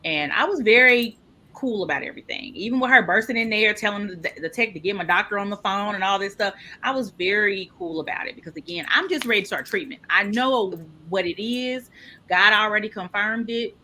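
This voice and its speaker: A woman telling a personal story in an interview, lively and expressive, acting out the people she quotes. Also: a little fast. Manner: animated, acts out quoted people with big pitch jumps. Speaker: podcast guest.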